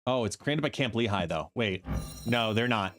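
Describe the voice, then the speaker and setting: A young man casually commentating his card game on a live stream from home, excitable and swearing now and then. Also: moderate pace. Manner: excitable, swears, switches to a high soothing dog voice. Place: home room.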